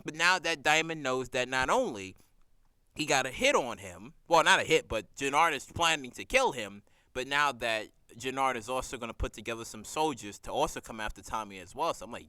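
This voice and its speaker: A man recapping a TV episode in casual, profane chat, animated and laughing as he acts out scenes. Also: medium pitch, brisk, clear, resonant tone, no echo.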